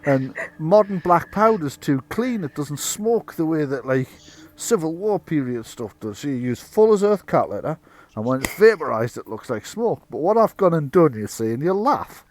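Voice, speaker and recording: A man's voice: a little high, very animated, normal speed. A man doing a folksy old Geordie rogue. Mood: sly. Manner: folksy, rambling excuses. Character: gruff older man, sly, pipe-chewing.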